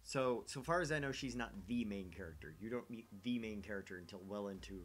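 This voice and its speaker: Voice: medium pitch, lively intonation, fairly quick, slight background noise. A parent streaming a video game with their daughter, chatting casually with jokey asides.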